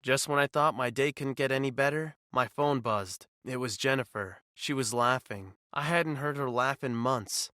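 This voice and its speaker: A man's voice: medium pitch, normal speed, few pauses, pushed and bright, no room sound, studio quality. A man narrating a scripted first-person story in a wry, joking way.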